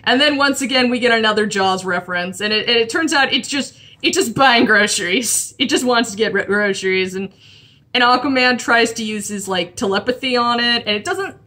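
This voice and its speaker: A woman's voice: on the high side, fairly quick, sharp tone. A woman chatting casually about a comic while drawing, rambling with lots of restarts. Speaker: comic art vlogger.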